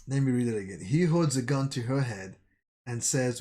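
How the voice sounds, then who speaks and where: A man's voice: medium pitch, animated, mellow. A man reading a manga aloud and narrating, often stopping to restart or reread a line. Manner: slow, rereads and restarts lines. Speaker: manga reader and commentator.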